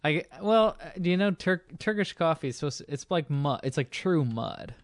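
A man's voice: a little high, animated, moderate pace, no room sound, clean studio sound. A man co-hosting a podcast in casual chat, loose and joking, with plenty of fillers. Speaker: podcast co-host.

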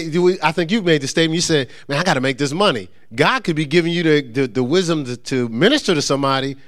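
A man preaching to his church in a relaxed, conversational way, full of asides and teasing. His voice sits on the high side and swings widely in pitch as he makes his points. He often restarts words and repeats himself on the way to a point. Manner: lively, joking asides to the congregation. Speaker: pastor. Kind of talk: conversational sermon.

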